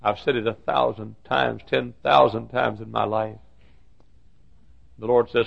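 A middle-aged man preaching a sermon, swinging from hushed, quiet passages to loud, high cries. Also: fairly even intonation, a little slow, gravelly, long pauses, muffled recording. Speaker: pastor. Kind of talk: sermon with recited poem.

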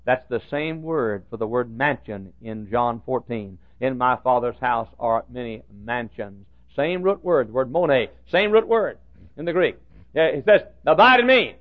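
A man preaching a sermon in a folksy, animated way, jumping from loud high outbursts to hushed asides. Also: moderate pace. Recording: dull lo-fi recording.

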